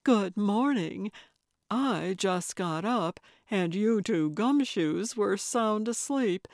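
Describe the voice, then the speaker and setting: A woman's voice: mid-range voice, expressive, slow, a little mellow, no echo, clean studio sound. A woman voicing a smug, sugary-sweet woman who speaks in a syrupy way.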